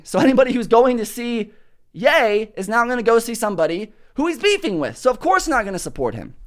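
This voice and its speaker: A man hosting a comedy podcast, telling stories in a loud, prominent voice that carries, with plenty of cursing. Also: high voice, smooth. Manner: animated storytelling with cursing. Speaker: podcast host. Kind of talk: comedic monologue. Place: studio.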